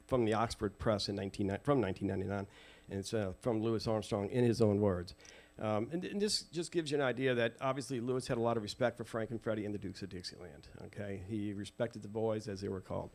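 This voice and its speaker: Lively New man telling stories. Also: lowish voice. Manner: lively, acts out quoted voices, laughs often. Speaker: interview guest telling family stories. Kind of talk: animated storytelling to a live audience.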